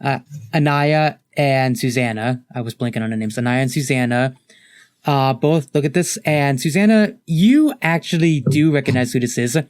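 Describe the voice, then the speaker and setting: A man's voice: medium pitch, moderate pace, clean tone, no echo, studio quality. A man narrating a tabletop game as game master in a casual, rambling way with many fillers.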